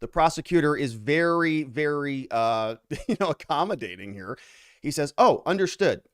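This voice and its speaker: Lively, high-voiced male trial commentator. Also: normal speed, clear, resonant tone, no room sound, studio quality. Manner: animated storytelling, laughs often and acts out quoted exchanges. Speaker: lawyer commentator recapping a trial. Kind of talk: animated trial recap commentary.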